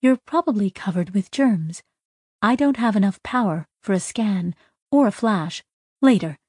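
A woman's voice: mid-range voice, expressive, a little slow, breathy edge, dry recording, clean studio sound. A woman voicing a kindly machine's protective voice. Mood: soothing. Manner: urgent then soft and reassuring, fussy about protocol.

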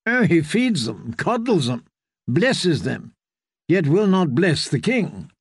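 Male reader doing a haughty queen, condescending and cold, raspy in a dry room. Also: on the low side, sing-song, takes it slowly, no echo, voice pushed up, full character voice. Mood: scornful. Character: haughty scheming middle-aged queen.

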